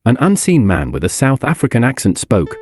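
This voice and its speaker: A man narrating a fantasy audiobook in a wry, expressive storytelling manner. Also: medium pitch, a little fast, husky, no echo, clean studio sound.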